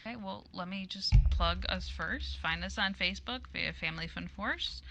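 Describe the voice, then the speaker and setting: Woman co-host, casual chatty podcast talk, bright tone, a little low-pitched. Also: normal speed, gravelly, a little hiss or hum. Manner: chatty, laughs often.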